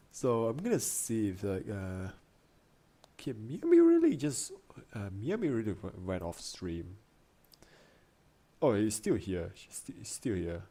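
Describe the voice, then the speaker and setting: A young man streaming from his desk, talking loosely to his viewers. His voice sits a bit low, and he rambles through restarts and fillers as if thinking aloud. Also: wildly swooping pitch, measured pace, long pauses, warm tone. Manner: rambling, many fillers and restarts, frequent laughs. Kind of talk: casual stream chat.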